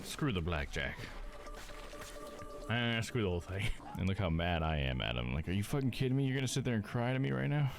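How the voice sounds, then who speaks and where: A man's voice: on the low side, very animated, fairly quick, gravelly, a crowd in the background. A man chatting casually while playing a game, joking and swearing. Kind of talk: casual gaming chat.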